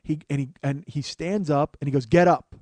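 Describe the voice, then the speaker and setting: A man's voice: on the high side, a little fast, no echo. Man swearing through a wild story. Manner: profane, animated storytelling. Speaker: comedian podcast host. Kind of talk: storytelling monologue. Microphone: studio microphone.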